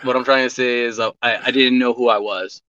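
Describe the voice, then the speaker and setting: A man's voice: medium pitch, steady tone, brisk, bright, forceful tone, dry recording. A man in a casual podcast chat, talking candidly and profanely, rambling through many restarts. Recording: dull lo-fi recording.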